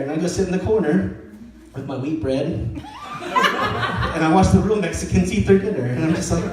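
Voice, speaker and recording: A young man performing a stand-up comedy set, telling stories with animated delivery and acting out other people's lines in changing voices. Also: sits high, a little fast, a little hiss or hum. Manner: animated storytelling, acting out quotes in shifting voices. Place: comedy venue with live audience. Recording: very echoey room, voice far from mic.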